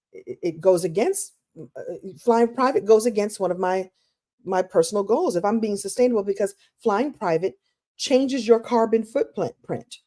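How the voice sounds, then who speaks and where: Mellow-voiced animated woman motivational host. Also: medium pitch. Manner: animated, playful, breaks into exclamations and acted quotes; conversational, with restarts and laughs. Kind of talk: live-streamed motivational talk.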